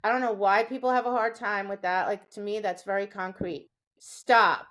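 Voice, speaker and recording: A woman's voice: medium pitch, brisk. A woman dog trainer co-hosting a podcast, explaining training in a chatty way and often checking in with "right?". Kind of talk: casual podcast chat.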